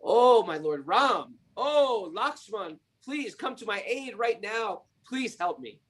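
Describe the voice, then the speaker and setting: A man's voice: high voice, expressive, slow, fairly bright tone, pitched above the performer's own voice, exaggerated voice. A man voicing an abducted princess who cries out and pleads for help. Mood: desperate. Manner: pleading, crying out. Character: abducted princess crying out in despair.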